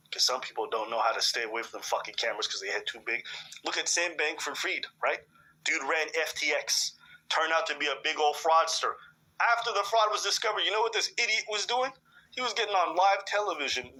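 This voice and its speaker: Bright, emphatic man hosting a talk show. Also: on the high side, a little hiss or hum, low-quality recording. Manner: emphatic, blunt, swears freely. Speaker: podcast host. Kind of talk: reaction commentary.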